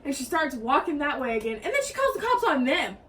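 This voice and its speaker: A young woman with a drawl tells a story to a friend and slips into quoted voices with a raised pitch. Her voice sits high, and she sounds a little distant from the mic. A faint hiss runs underneath. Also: big pitch swings, fast talker, a bit bright. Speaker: co-host. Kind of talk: casual storytelling.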